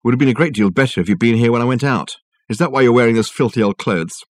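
A man voicing a brisk, sharp-tongued young woman who speaks in a dry, teasing, exasperated way. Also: medium pitch, no echo, pitched above the performer's own voice, natural voice. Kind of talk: audiobook character voice.

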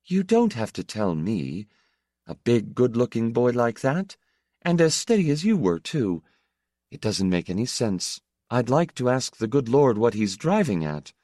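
A man voicing a weary, sharp-tongued middle-aged working mother who speaks bluntly and with exasperation, in a storybook reading. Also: mid-range voice, big pitch swings, a little slow, no echo, clean studio sound, voice pushed up. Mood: exasperated.

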